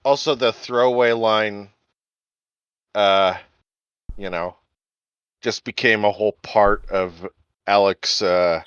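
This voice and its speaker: Slow, low-voiced man on a dull mic. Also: fairly even intonation, a bit bright, clean tone, no room sound. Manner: slow, hesitant, with "uh" pauses. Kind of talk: casual chat.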